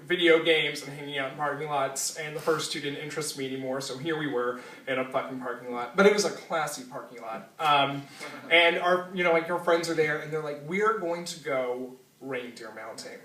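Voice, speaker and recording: Bright-voiced man telling a story in an echoey room. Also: on the high side, steady tone, brisk, recorded from a distance, slight background noise. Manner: casual, laughing, lots of fillers and swearing. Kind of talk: live storytelling to an audience.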